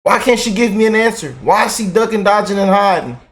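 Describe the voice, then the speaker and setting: A man's voice: high voice, fast talker, a bit bright. A man hosting a reaction commentary channel, talking in an emphatic, mocking way.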